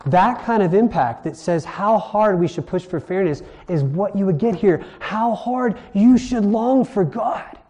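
A man's voice: high-pitched, lively intonation, a little slow, few pauses, dark tone. A man from Hawaii teaching a sermon in a conversational way, asking his listeners questions as he explains. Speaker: preacher.

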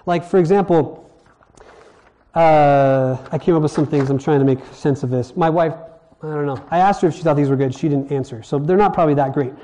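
A man's voice: on the high side, fairly quick, mellow. A man from Hawaii teaching a sermon in a conversational way, asking his listeners questions as he explains. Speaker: preacher.

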